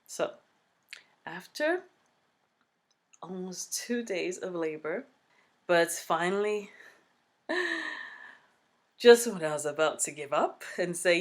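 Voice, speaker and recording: A woman's voice: lowish voice, slow, long pauses. Chatty woman vlogger telling a story. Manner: chatty, animated, with asides. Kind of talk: storytime vlog.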